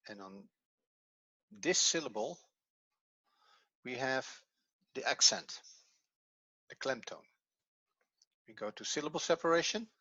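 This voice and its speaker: Slow, methodical male grammar teacher. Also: medium pitch, fairly bright tone, no echo, dull audio. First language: Dutch. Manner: slow, methodical explaining step by step. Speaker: Hebrew teacher. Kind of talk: recorded grammar lesson.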